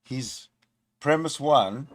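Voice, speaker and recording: A man's voice: medium pitch, slow. A man hosting a reaction video, making sarcastic casual commentary and heckling the clip he plays.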